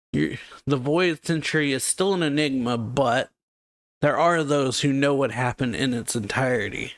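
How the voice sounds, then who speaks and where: A man's voice: mid-range voice, moderate pace, dry recording. A man casually retelling a comic chapter as a reaction host, loose and rambling with many fillers. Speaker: manga reaction YouTuber.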